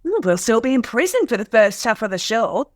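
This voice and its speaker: A woman's voice: a little high, sing-song, brisk, dry recording, clean studio sound. A woman playing a blunt, matter-of-fact middle-aged neighbour in a radio sitcom.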